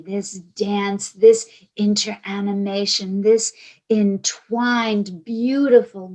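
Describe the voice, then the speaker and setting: Slow, whispery woman with a Georgia accent. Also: mid-range voice, poor audio. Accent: Georgia (US South). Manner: soft, drifting often into hushed whispers; long pauses between short phrases. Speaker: spiritual teacher. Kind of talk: slow reflective spiritual talk.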